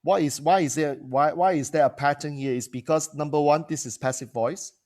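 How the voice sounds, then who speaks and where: A man's voice: fairly high pitch, fairly quick, darkish tone. A man, teaching as a coach who often restarts phrases and asks rhetorical questions. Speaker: coach and trainer. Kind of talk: teaching talk to camera.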